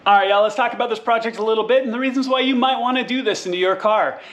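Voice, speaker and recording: A man's voice: sits high, very fast, loud music behind the voice. A man hosting a casual, upbeat how-to video on car work, recorded from inside a car's back seat. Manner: upbeat, friendly, says "y'all" often. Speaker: car DIY video host.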